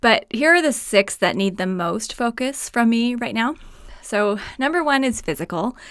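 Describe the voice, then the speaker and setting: A woman hosts her own podcast alone from a room in her home. She talks in a loose, chatty way, full of fillers, and laughs easily as she goes. Her voice sits at a middle pitch and sounds dry and close, with no room echo. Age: adult mother. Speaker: podcast host. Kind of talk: solo podcast talk.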